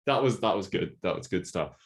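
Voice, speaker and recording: A man's voice: low-pitched, animated, brisk. A man co-hosting a casual movie podcast, dry and teasing in a laid-back way. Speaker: podcast co-host.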